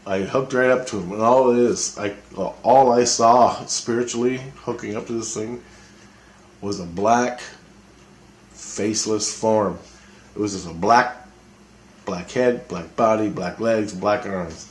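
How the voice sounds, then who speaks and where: A man's voice: lowish voice, unhurried, roomy sound. A man telling a personal story in a casual spoken monologue, intense, profane and repeating himself. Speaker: storyteller recounting an experience.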